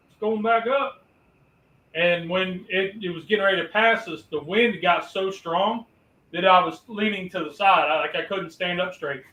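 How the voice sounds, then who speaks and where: A man's voice: sits high, normal speed, pushed and bright. A man chatting casually in an easygoing way about weather and everyday life. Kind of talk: casual chat. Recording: roomy distant mic with faint noise.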